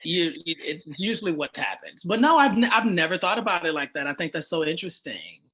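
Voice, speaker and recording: A man's voice: on the high side, expressive, a little fast, sharp tone. A man co-hosting a podcast, chatting casually with loose, profane jokes. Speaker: podcast co-host. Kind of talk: casual chat.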